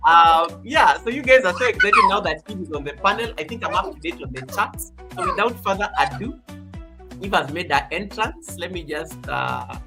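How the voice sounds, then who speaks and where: Chatting casually over background music, a livestream host with a Kenyan accent reads out viewer comments and repeats phrases. His mid-range voice is animated and moves at a moderate pace.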